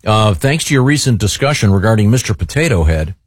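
Male radio co-host, husky, lively pitch, dry mock-formal letter reading, close dry mic. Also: fast, dry recording. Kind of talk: casual radio banter, reading listener letters.

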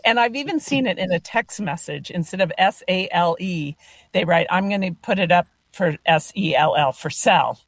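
A woman's voice: fairly low pitch, normal speed, no echo. Utah lady hosting, chatty and friendly, pretty dry close sound. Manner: chatty, affirming. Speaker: interview host. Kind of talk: conversational interview.

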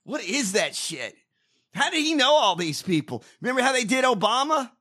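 A man on a podcast, ranting with profane, fired-up energy. His voice sits high and sounds sharp and bright, and it leaps around in pitch as he talks. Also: big pitch swings, moderate pace. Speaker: podcast host. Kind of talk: casual ranting chat.

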